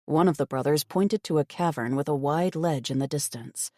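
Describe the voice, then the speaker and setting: A woman's voice: sits low, normal speed, no echo. Woman narrating a fantasy audiobook, dry booth. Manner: wry, expressive storytelling. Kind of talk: first-person audiobook narration.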